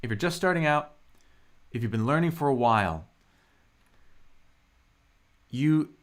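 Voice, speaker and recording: A man's voice: mid-range voice, animated, measured pace. A man teaching Mandarin pronunciation on a live stream, upbeat and encouraging as he drills words and tones. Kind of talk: live-streamed language lesson.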